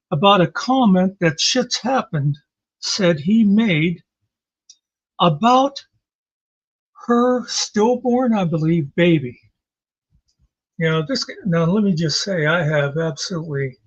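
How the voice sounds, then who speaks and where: A man with a high voice talks slowly and loosely, rambling through a sarcastic recap with the odd swear word. The sound is a bit dull and lo-fi, like a home setup. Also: slightly rough. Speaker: commentary channel host. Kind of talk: casual recap commentary. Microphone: home mic, off camera.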